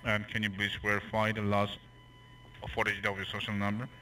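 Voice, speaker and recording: A man's voice: lowish voice, monotone, a little fast, bright, forceful tone. A man working a scam call center, who flips from scripted politeness to hurling crude insults. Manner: abusive, hurls insults and swearing. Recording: distant phone line with background hum.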